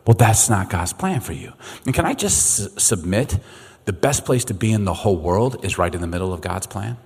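A middle-aged male pastor preaching in a chatty, animated way, his pitch leaping around as he acts out little voices. His tone is a touch husky. The sound carries a long reverb from a large hall. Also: moderate pace. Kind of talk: sermon. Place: church sanctuary.

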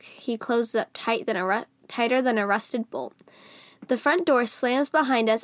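A woman reading a first-person novel aloud as a book reviewer, with expressive delivery that lifts on dialogue. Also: no echo. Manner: reads expressively, louder and higher on lines of dialogue.

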